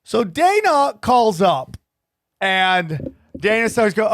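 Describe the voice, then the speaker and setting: A man's voice: high voice, slow, no room sound, studio quality. A man hosting a podcast, telling stories in a casual chat and acting out other people's voices. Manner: animated storyteller, acts out voices. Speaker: podcast host.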